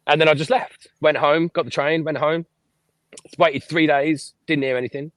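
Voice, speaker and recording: A man, a podcast guest telling lively stories about his life and swearing freely. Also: fairly high pitch, normal speed, no room sound. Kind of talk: casual storytelling interview.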